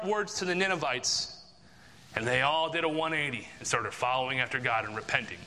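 A man preaches a sermon in a medium-pitched, brisk voice that is bright and forceful, with the long reverb of a large hall around him. He is emphatic, repeats key phrases, and fires rhetorical questions at his listeners.

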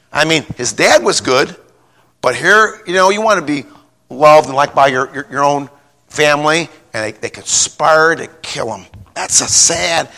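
A pastor in middle age, his voice on the high side and creaky, tells a personal story during a folksy sermon. He rambles, repeats words, and breaks into a shout when emotion takes him.

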